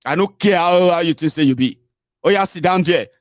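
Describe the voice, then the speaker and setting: A Nigerian man with a Yoruba accent hosting an online radio show, giving animated political commentary mixed with Pidgin. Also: on the high side, fairly quick, dry recording, studio quality. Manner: animated, mixing Pidgin and Yoruba, stretching words for emphasis.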